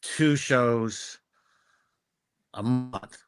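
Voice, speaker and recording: A man's voice: mid-range voice, drawn-out words, smooth. A middle-aged man, a guest actor, telling casual stories about his work and acting out the lines people said to him. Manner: animated, acts out quoted dialogue. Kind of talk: casual storytelling.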